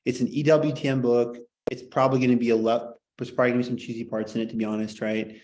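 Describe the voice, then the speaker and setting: A man's voice: mid-range voice, little pitch movement, quick pace, darkish tone, poor audio. Rambling, joking male teacher. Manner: rambling, joking, heavy on fillers. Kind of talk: casual classroom lecture.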